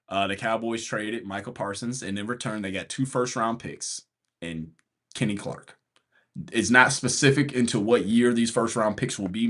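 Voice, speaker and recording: Animated, slangy man ranting about sports. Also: fairly low pitch, slightly rough. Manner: animated, laughing often, slangy, exasperated. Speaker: podcast host. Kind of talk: casual sports rant.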